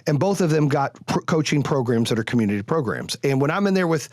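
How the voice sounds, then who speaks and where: Brief: middle-aged male podcast host, rapid-fire and blunt, swears freely, tight dry sound. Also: on the high side, no room sound. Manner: blunt, profane, animated storytelling. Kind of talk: candid monologue.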